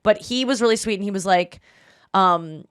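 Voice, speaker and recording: Woman host, 30s, casual podcast storyteller, lively, mid-pitched. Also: moderate pace, clear, resonant tone. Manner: animated storytelling, acts out quoted voices. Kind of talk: casual chat.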